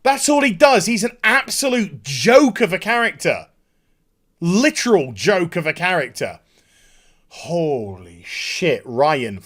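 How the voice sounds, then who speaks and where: Male TV reviewer, high animated voice, scornful casual rant. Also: unhurried. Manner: sarcastic, sweary, mocking. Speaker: YouTube TV reviewer.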